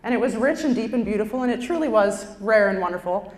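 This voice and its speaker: A woman doing stand-up storytelling on stage with a lapel mic, in a chatty, self-deprecating way. Her voice sits at a middle pitch for a woman. The sound carries a roomy echo from the stage hall around her. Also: lively intonation, fast. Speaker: stand-up performer. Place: stage before a live audience.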